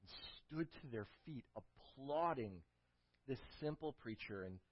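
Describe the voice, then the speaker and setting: A man preaching a sermon, telling a story with emphatic build-ups and closing in a quiet prayer, on a dull lo-fi recording. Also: medium pitch, animated, unhurried, slight background noise. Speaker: pastor.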